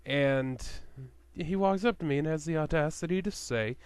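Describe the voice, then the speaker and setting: A man's voice: a little high, moderate pace, darkish tone, clear, resonant tone, dry recording. A man telling a profane, sarcastic rant to his webcam as a vlogger, swearing freely as he tells stories.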